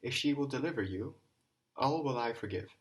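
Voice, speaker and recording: A man reading aloud voices a venomous, proud young woman in an audiobook, speaking loudly and bitterly. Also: medium pitch, lively intonation, normal speed, distant mic, close to an everyday voice.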